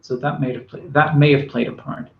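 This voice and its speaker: A man's voice: fairly high pitch, steady tone, brisk, vocal fry. A man giving a recorded university lecture, speaking with many fillers and restarts. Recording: echoey room, dull lo-fi sound.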